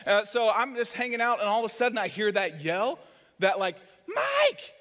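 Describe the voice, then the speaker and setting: A man with a high voice preaches to his church. He tells a story with plenty of self-mockery, acting out the people in it. His voice rings with the long reverb of a big hall. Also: brisk, a bit bright. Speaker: pastor. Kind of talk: sermon story.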